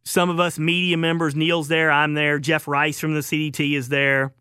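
A Southern-accented man hosting call-in sports radio, with a forceful, bright voice pitched a little high. He tells rambling stories with chuckles in a dry studio. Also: flat delivery, normal speed, clear, resonant tone, dry recording.

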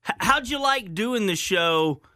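A man hosting a sports radio show, chatting in a relaxed, easygoing way in a studio. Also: high-pitched, measured pace, no room sound. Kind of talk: casual radio chat. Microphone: studio microphone.

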